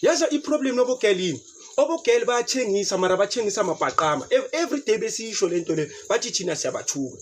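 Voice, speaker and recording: A South African man giving casual, animated commentary, switching between languages with loud outbursts. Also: high voice, fast talker, slight background noise.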